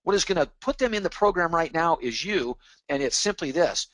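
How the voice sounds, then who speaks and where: A man leads a sales training webinar in an eager, pushy way. His voice sits on the higher side and sounds dry and close. He drives each point home by saying it again. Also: lively intonation, brisk, fairly bright tone, dry recording, low-quality recording. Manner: pumped-up, pushy, repeats himself for emphasis. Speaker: webinar presenter.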